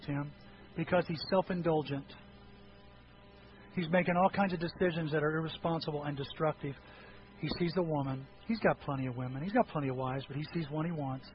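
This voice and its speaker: A man preaching a sermon as pastor, animated, breaking into high yelping voices when he acts out quotes. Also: muffled recording, a little hiss or hum.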